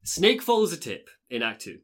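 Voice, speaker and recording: A man telling a long story on a casual podcast, his pitch rising and falling a lot. He talks in an animated, loose way and swears often as he recaps. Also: normal speed. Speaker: podcast host recapping game lore. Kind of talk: casual chat.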